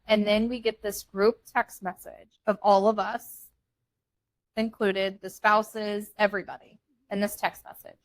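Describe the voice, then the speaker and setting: A woman's voice: medium pitch, little pitch movement, unhurried, dry recording. Young woman co-host, blunt and candid, mid-range voice, dry close mic. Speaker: podcast co-host. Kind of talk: casual chat.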